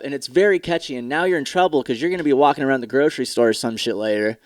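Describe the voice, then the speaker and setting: A man's voice: medium pitch, lively intonation, fast talker, few pauses, dry recording. Young male podcast host, worn out, profane and sarcastic, dry close sound. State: tired. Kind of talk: casual solo podcast rant.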